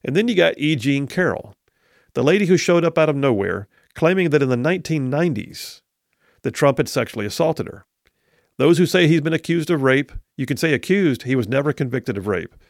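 A man's voice: fairly high pitch, lively intonation, a little fast, gravelly, dry recording, clean studio sound. A male talk radio host and attorney giving emphatic, scornful commentary and hammering his points through repetition.

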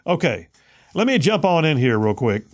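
A man's voice: a little high, big pitch swings, moderate pace, a little hiss or hum. A man hosting a conservative talk radio show, reading listener messages aloud and giving blunt, opinionated commentary with frequent restarts.

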